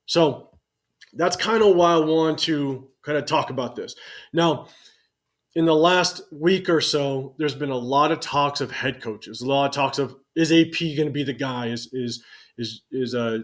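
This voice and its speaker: A man's voice: fairly high pitch, measured pace. A man in his forties giving casual, conversational sports commentary to his channel's viewers, thinking aloud as he goes. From United States.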